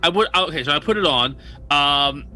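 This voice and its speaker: A man takes his turn as a tabletop game player, thinking aloud with lots of ums and restarts. His voice is fairly high for a man, very bright, and lively in pitch. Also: moderate pace, soft background music. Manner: hesitant, many ums and restarts. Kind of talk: casual tabletop play.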